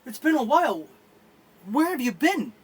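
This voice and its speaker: A man voicing a middle-aged woman who runs a tavern, in a high, lively voice. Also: moderate pace, slightly rough, full character voice, low-quality recording. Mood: surprised.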